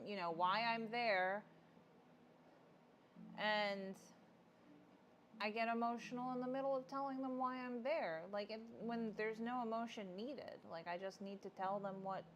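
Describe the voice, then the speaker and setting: A woman's voice: medium pitch, a bit bright, a little hiss or hum. A young adult woman hosting a casual livestream, chatting with viewers and reading their comments aloud. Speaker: livestream host.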